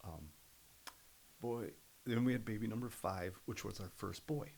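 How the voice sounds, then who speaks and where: A middle-aged man, a podcast guest, telling stories in an earnest, animated way. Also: fairly low pitch, unhurried, gravelly, rough recording. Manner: earnest, animated storyteller who acts out other people's voices. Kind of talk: casual storytelling interview.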